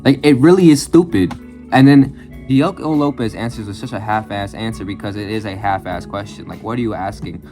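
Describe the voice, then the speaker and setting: A man's voice: lowish voice, normal speed, dark tone, faint music behind. A man giving blunt reaction commentary on his own channel, ranting and swearing freely, often repeating phrases in bursts. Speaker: channel host.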